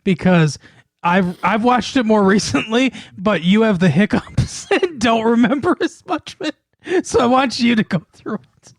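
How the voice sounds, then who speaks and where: A man with a slightly raised voice, recorded close and dry with no room sound. He chats casually and wryly, laughing often and letting his sentences trail off quietly. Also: high-pitched, expressive, moderate pace, dry recording. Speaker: podcast co-host. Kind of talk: casual chat reviewing a movie.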